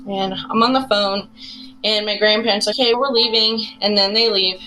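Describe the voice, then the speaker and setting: A woman calling in to share her true ghost story, speaking in a casual, rambling way full of "like" fillers, with animated bursts as she relives it. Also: normal speed, rough recording. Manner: rambling, heavy use of "like" fillers; animated retelling with bursts of rising pitch. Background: faint music bed.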